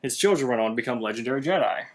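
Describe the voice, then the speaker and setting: A man co-hosts a relaxed chat, retelling a long story with hesitations. He stumbles over his words and pauses to recall details. His voice sits at a middle pitch for a man. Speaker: co-host. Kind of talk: casual chat.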